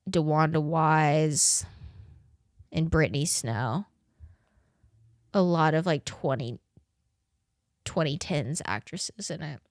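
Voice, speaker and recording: A woman's voice: low-pitched, no echo, studio quality. A woman in her twenties hosting a podcast, chatting casually, swearing and laughing, and stumbling as she reads aloud. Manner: animated, swearing, laughing often, reading aloud haltingly. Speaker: podcast host. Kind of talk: casual chat.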